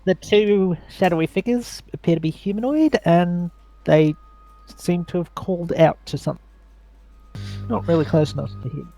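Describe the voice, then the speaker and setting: Gravelly-voiced man narrating as game master. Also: high voice, warm tone, soft background music. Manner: measured descriptive narration.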